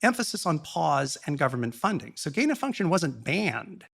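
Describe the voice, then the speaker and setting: A man speaking as a podcast guest, explaining a topic in a long, measured and earnest monologue with the odd blunt aside. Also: a little high, very animated, vocal fry, fairly bright tone, breathy edge.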